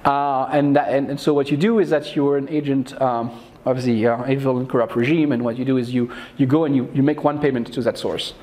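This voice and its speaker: A man's voice: medium pitch, fairly even intonation, a little fast, warm tone. A man, the founder answering an audience question at a meetup, explaining off the cuff with frequent restarts and fillers. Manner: thinking aloud, many restarts and fillers. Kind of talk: unscripted meetup talk.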